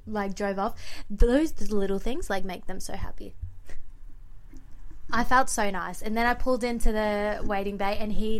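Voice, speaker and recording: A young woman, co-hosting a casual podcast chat and telling stories with lots of "like" and acted-out quotes. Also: mid-range voice. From Australia. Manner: chatty storyteller, lots of "like", animated quoted voices. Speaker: podcast co-host.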